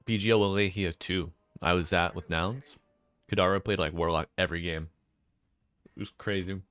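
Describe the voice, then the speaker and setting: A man's voice: sits low, steady tone, moderate pace, a bit bright, no echo. A man casting a game draft on a live stream, casual and chatty, thanking viewers between picks. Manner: chatty, laid-back, reads out chat names. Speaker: esports caster.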